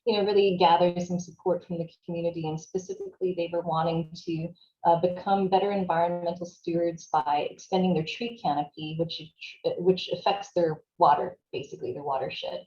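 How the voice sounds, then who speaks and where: Woman, low pitch, mellow, thoughtful interview guest, casual fillers, roomy echo, dull lo-fi sound. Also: a little fast. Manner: thoughtful, searching, frequent "you know" and "like" fillers. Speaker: writer and performer, interview guest. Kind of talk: reflective conversational interview.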